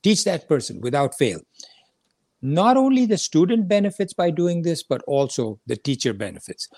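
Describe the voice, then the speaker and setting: A man's voice: a little high, big pitch swings, normal speed, creaky, darkish tone, no echo, clean studio sound. A man teaching a scripture lesson in an earnest, explanatory way, repeating his key points as he goes.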